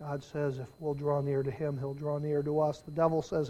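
A preacher delivering an impassioned sermon, moving from hushed, pleading lines to loud, shouted appeals and voicing prayers aloud in the first person. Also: medium pitch, level tone, moderate pace.

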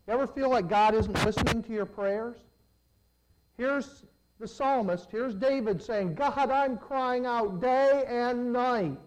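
A man preaching a sermon, swinging between loud emphatic lines and low, hushed ones. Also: unhurried, rough recording.

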